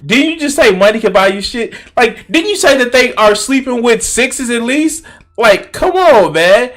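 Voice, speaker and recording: A man's voice: very high-pitched, expressive, normal speed, fairly bright tone. A man streaming and reacting to a video in casual, profane, incredulous commentary.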